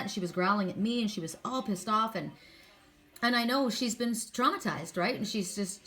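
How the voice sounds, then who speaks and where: A woman's voice: medium pitch, a bit bright. Earnest chatty woman card reader. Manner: chatty, earnest, storytelling with many "you know"s. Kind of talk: casual spiritual talk.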